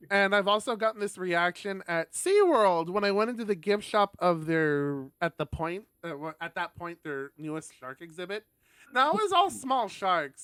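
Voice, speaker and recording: Young guy streamer reading a visual novel, keeps laughing and rambling, higher voice, dry sound. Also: smooth, no echo. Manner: animated, laughing, rambling asides.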